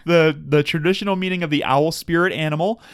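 A man co-hosting a casual podcast, talking in a wry, deadpan way and rambling with restarts. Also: a little high, fast, clean tone. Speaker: podcast co-host. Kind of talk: casual spooky chat.

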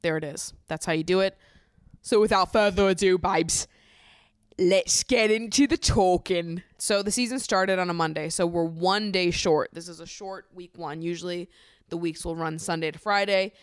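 A woman's voice: on the low side, steady tone, normal speed, smooth, no room sound, studio quality. A young adult woman hosting a casual chat podcast, bubbly and gushing, laughing often. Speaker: podcast host.

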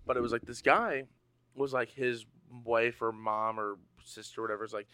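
A man co-hosting a casual podcast, talking excitedly and stammering a little as he gets spooked. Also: medium pitch, normal speed, clean tone, no room sound. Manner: excitable, easily spooked, stammers when nervous. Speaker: podcast co-host. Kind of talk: casual chat.

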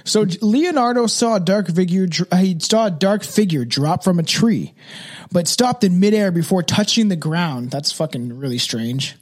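A man's voice: sits high, lively intonation, moderate pace. A young man hosting a podcast, telling spooky stories in loose, rambling, profane casual chat. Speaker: podcast host.

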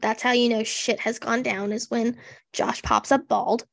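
A woman's voice: fairly high pitch, fairly even intonation, a little slow, vocal fry, dry recording, studio quality. A woman co-hosting a podcast, chatting sarcastically about a TV special with lots of "like" fillers. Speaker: podcast co-host. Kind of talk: casual chat recapping a TV special.

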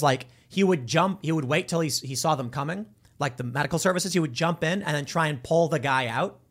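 A male host talks through a casual commentary monologue with lively, swooping intonation. His voice sits a little high for a man, and he acts out the people in his stories as he goes. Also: normal speed. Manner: animated storytelling, acts out quoted voices.

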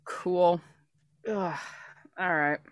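A woman's voice: on the low side, fairly even intonation, drawn-out words, no room sound, clean studio sound. A woman playing in a tabletop game, hesitant and stammering as she decides her moves. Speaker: player. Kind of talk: casual tabletop play.

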